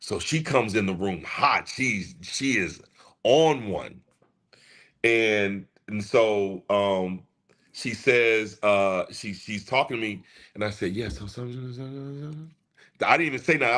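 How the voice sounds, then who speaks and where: A man's voice: fairly low pitch, measured pace. A man in his fifties, a music producer and guest, telling a story casually and acting out the voices of the people in it. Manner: animated, acts out quoted voices.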